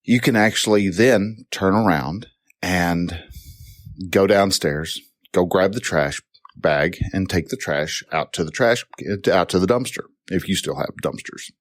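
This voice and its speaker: A man with a lowish voice talks through advice in a loose, unscripted way, circling back and restarting his sentences. He grows louder and more animated when a point excites him. The sound is dry and close, with no room echo. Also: measured pace. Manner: rambling, with many restarts and fillers. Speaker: podcast host giving advice.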